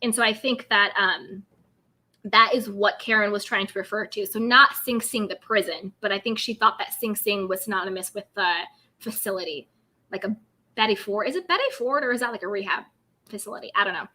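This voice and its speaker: A woman's voice: medium pitch, fairly quick, bright, forceful tone. A woman hosting a live stream, chatting in a gossipy way and reading viewer comments. She laughs often and keeps hedging every claim as alleged. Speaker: host of a live-streamed reality TV recap.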